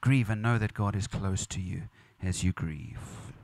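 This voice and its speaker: A man's voice: low voice, unhurried, darkish tone, no echo. A man preaching at a funeral as pastor, earnest and repetitive, building emphasis. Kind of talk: funeral sermon. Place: church or funeral venue.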